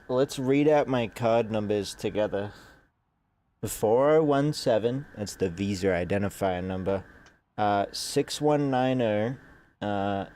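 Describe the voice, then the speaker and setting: A man's voice: mid-range voice, darkish tone. A young man with a congested nose, rambling sarcastically in casual gaming commentary. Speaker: streamer.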